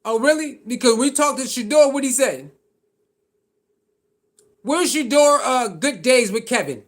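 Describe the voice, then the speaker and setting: A man's voice: very high voice, lively intonation, unhurried, a bit bright. A man giving heated, slangy reaction commentary on football, repeating his points as he rants. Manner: heated, slangy ranting with repetition. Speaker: sports commentator.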